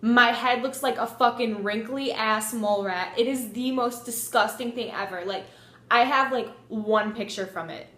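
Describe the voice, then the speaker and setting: Young woman vlogger, fairly high voice, animated sweary storytelling, roomy echo. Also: normal speed. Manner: animated, swears freely, lots of "like". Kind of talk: casual storytelling.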